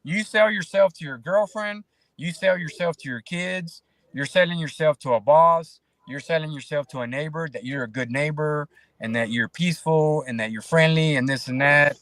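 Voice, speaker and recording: A man in casual podcast conversation as a guest, talking in an animated, preachy way and acting out quoted voices. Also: fairly high pitch, normal speed.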